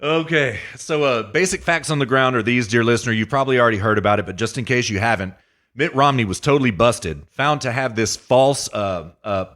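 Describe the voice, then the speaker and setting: A man's voice: mid-range voice, brisk, a bit bright. A man hosting a casual political podcast, talking in a laid-back way with frequent laughs. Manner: laid-back, laughs often, says you know. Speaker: podcast host.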